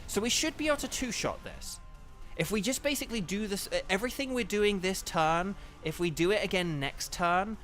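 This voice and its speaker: A man talks through a game on a live stream in a loose, chatty way, full of ums and quick excited bursts. His voice sits a little high. Faint game music plays underneath. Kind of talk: casual live gameplay commentary.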